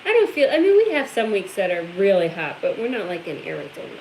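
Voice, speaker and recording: A woman's voice: medium pitch, huge pitch swings, quick pace, noisy background. A woman with a Midwestern American accent, co-hosting a farm livestream, chatting and reading viewer comments aloud.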